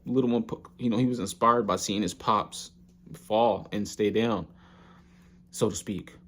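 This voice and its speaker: A man casually recapping an anime episode, telling it with animated slang. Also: on the low side, a little slow.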